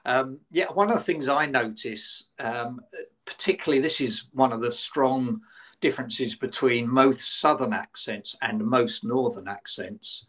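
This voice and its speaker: A man's voice: mid-range voice, a little slow, a bit bright. A man interviewing a guest, asking questions in a friendly, encouraging way. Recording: voice from a distance from the mic.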